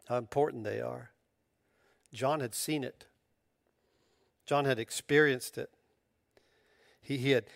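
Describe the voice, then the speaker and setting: A man preaching a sermon as a pastor, emphatic and animated, often stumbling over restarts as he builds to a point. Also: medium pitch, vocal fry, dry recording, clean studio sound.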